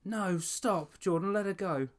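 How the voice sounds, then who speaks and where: A man's voice: expressive, normal speed, a little mellow, lightly acted. A man voicing a whiny seven-year-old girl who screams and tattles. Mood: upset, shrill. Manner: shrill and whining.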